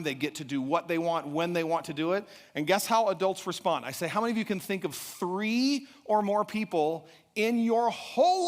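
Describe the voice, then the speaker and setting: A middle-aged man addresses a live event audience, slipping between lively questions to the crowd and a personal story. His voice sits a touch high for a man. The sound carries the long reverb of a large hall. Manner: animated storytelling, quizzes the audience. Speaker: event speaker. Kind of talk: motivational talk to a live audience.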